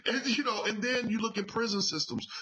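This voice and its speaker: A man hosting political commentary, talking emphatically and profanely, his voice climbing toward shouts when he gets angry. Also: high voice, expressive, brisk, rough recording. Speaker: commentary show host.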